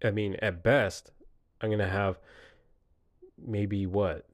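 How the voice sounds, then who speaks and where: A man's voice: fairly low pitch, steady tone, takes it slowly. A man in his late thirties in a rambling, reflective solo monologue, often laughing at himself. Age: 30s. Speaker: podcaster.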